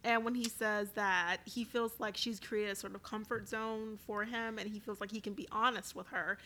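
A woman's voice: mid-range voice, steady tone, moderate pace, sharp tone, a little hiss or hum. A woman co-hosting a casual podcast, recapping a reality show from her notes with lots of fillers. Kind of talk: casual chat.

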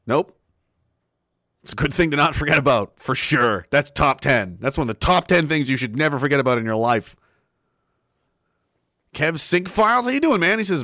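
Animated, profane male stream host. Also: mid-range voice, brisk, no echo, studio quality. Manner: animated, profane, casual, slips into impressions. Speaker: show host. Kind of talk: livestream talk reading viewer messages.

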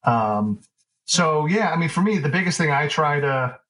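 A man being interviewed as an author, talking in a relaxed, rambling way with lots of fillers and restarts. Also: on the high side, moderate pace, low-quality recording. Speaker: author guest. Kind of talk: casual interview conversation.

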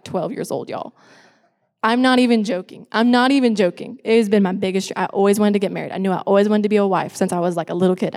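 A woman's voice: medium pitch, mellow. A woman in her twenties, a pastor giving a personal testimony sermon on a church stage, speaking emphatically and repeating phrases for effect. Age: 20s. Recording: echoey hall with long reverb.

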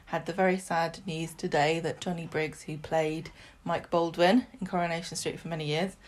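Woman, podcast co-host, chatty, laughs often, slightly low voice. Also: little pitch movement, moderate pace. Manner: chatty, laughs often, reads notes aloud. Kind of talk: casual podcast chat.

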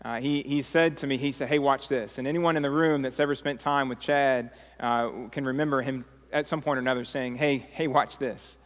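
A man's voice: medium pitch, steady tone, fairly quick, hardly any pauses, a bit bright. Earnest preacher man in an echoing church. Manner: earnest, pleading, with many fillers in stories. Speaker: pastor. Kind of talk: sermon. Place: church sanctuary. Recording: dull sound in a long-reverb sanctuary.

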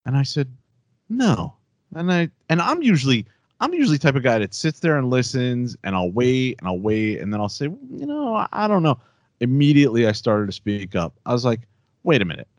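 A man's voice: mid-range voice, big pitch swings, quick pace, no echo. A man hosting a casual podcast chat, telling a long story in a rambling way, full of restarts, and getting heated as he goes. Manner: rambling, with many restarts and fillers. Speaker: podcast host.

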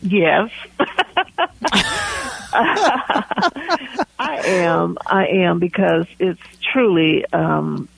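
A woman's voice: lowish voice, animated, very slow, creaky, a crowd in the background, rough recording. A woman guest telling a heartfelt story in an interview, laughing often as she talks. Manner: warm testimony with frequent laughs. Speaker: guest, community pie baker.

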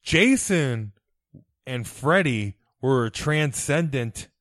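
A man's voice: mid-range voice, very slow, no room sound, studio quality. Rambling middle-aged man co-hosting a podcast. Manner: rambling, deadpan jokes, laughs easily. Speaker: podcast co-host. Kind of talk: casual comedic chat. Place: home bedroom.

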